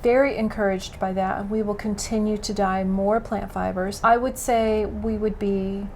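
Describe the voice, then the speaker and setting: A woman yarn dyer, a guest in a casual interview, speaking in a measured, thoughtful way. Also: medium pitch, fairly even intonation, darkish tone, slight background noise. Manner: measured and thoughtful, slow and careful.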